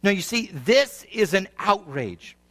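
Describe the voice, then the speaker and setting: A man preaches a sermon, his voice sitting high for a man. He moves between reading scripture and explaining it, his pitch swinging widely as the intensity rises and falls. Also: a little slow. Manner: expressive preaching, rising and falling intensity; reads scripture, then explains it. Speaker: pastor.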